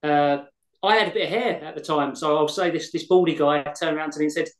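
A man's voice: on the high side, fast. An English man co-hosting a podcast, chatting casually and repeating words as he talks. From England. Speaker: podcast co-host. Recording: echoey room.

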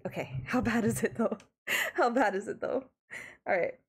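Giggly Australian woman streamer, gravelly. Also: a little high, moderate pace, pauses often. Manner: giggly, flustered, talks to chat. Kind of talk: casual live-stream chat.

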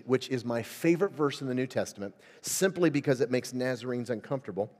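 Lively preacher man in a reverberant hall. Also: medium pitch, brisk, few pauses. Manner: conversational preaching, swings from loud emphasis to quiet asides. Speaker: revival preacher. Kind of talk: sermon. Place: church sanctuary.

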